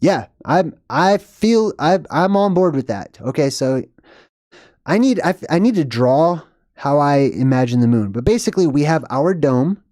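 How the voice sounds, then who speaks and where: Young man, live-stream host, casual rambling chat, mellow tone, fairly high voice, dry close sound. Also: animated, measured pace, no echo. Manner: rambling, chatty, laughs at himself.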